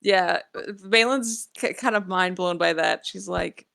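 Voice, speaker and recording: A woman playing in a tabletop game, chatting casually and excitably. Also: on the low side, a little slow, vocal fry, no echo, clean studio sound. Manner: excitable, laughs often. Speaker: player.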